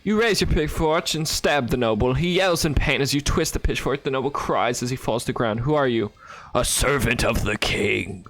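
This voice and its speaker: A man playing a text adventure game, reading its lines aloud and adding wry, deadpan comments on a close mic. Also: medium pitch, moderate pace, dry recording, faint music behind. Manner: wry, deadpan, bursts into laughter. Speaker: gaming YouTuber.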